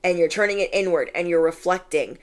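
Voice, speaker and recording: A woman's voice: lowish voice, fairly quick, a little hiss or hum. A woman giving a casual spiritual reading, chatty and affirming, often saying "like". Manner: chatty and affirming, heavy use of "like". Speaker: intuitive card reader.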